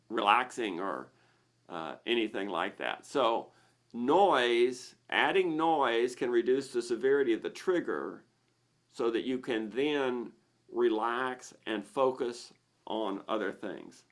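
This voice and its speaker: A man hosting a live Q&A, explaining in a plain way with frequent restarts and repeated words. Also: mid-range voice. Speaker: host of a misophonia Q&A.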